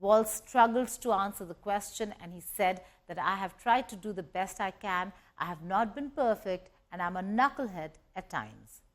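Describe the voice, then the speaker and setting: A woman hosting a news feature, narrating with lively asides. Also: mid-range voice, normal speed. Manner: lively narration broken by laughter. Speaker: news host.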